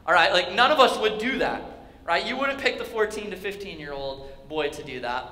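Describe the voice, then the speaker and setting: A man's voice: high-pitched, lively intonation, moderate pace, sharp tone. A young male youth pastor preaching a sermon in a large church hall. He tells the story casually and jokingly and acts out the characters. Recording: echoey hall with faint ambience.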